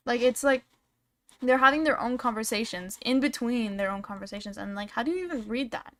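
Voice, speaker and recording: A woman's voice: on the high side, fairly bright tone. A woman commenting casually on a stream, reading messages aloud and reacting bluntly, with frequent swearing.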